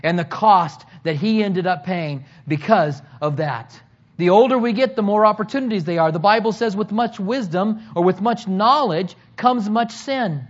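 Pastor guy in his 40s preaching, earnest, gets loud then goes real quiet, kinda muffled recording. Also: moderate pace. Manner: earnest preaching with swings from loud emphasis to quiet, emotional lows. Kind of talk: sermon.

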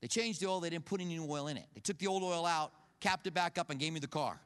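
A male pastor with a fairly high, smooth voice talks fast through a conversational sermon, recorded with the long reverb of a large hall. He's animated, telling personal stories and acting out the voices of the people he quotes.

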